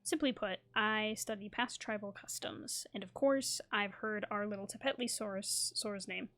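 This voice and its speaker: A woman's voice: mid-range voice, normal speed, sharp tone. A woman reading a polite, formal male scholar's lines aloud from a game. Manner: formal, courteous phrasing.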